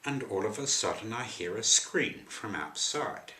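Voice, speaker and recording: A man with a low voice tells a personal story to camera, wandering off into dry, wry asides. His tone is bright and forceful despite the depth, and the sound rings around an echoey room. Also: animated, unhurried.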